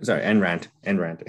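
A man's voice: low voice, breathy edge. Laughing, cursing man ranting. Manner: profane, laughing rants. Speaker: manga podcast host. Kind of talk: casual chat review.

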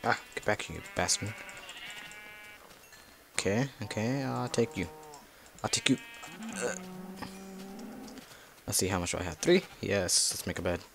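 A man with a somewhat low voice chats loosely to himself as he plays a video game. He rambles and swears at the monsters he fights. A faint background noise sits under his talk. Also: animated, normal speed, gravelly, pauses often, fairly bright tone. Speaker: gameplay video creator. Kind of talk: casual gameplay commentary.

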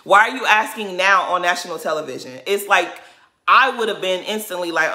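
Indignant woman with a bright voice. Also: fairly low pitch, lively intonation, brisk, reverberant. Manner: indignant, emphatic, repetitive rhetorical build-ups. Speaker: reality TV recap vlogger. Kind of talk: opinionated recap commentary.

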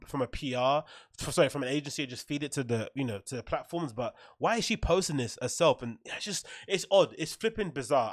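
Brief: male podcast host, brisk and blunt, opinionated monologue, dry close sound. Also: on the high side, no echo. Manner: blunt, opinionated, peppered with "right?" and swearing. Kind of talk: casual commentary monologue.

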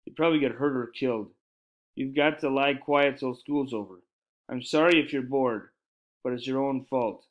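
A man's voice: medium pitch, normal speed, lightly acted. A man voicing an exasperated young schoolboy who argues and pleads. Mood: pleading.

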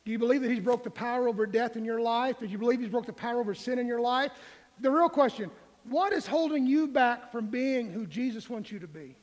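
A man preaching in a church sanctuary, his voice sitting unusually high for a man. He speaks plainly and earnestly, pressing the congregation with questions, and a long hall reverb trails after each phrase. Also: a little fast. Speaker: pastor. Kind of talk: sermon.

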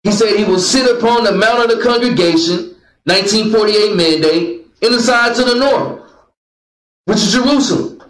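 A man with a high-pitched, fairly bright voice preaches a Bible lesson to a group in a meeting room, speaking at normal speed amid roomy echo. He directs a reader through verses and trades jokes with the crowd.

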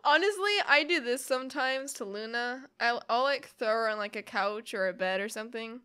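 A woman's voice: fairly high pitch, moderate pace, pushed and bright, smooth. A woman YouTuber reading a webcomic aloud and reacting to it, bubbly and gushing, with frequent giggles.

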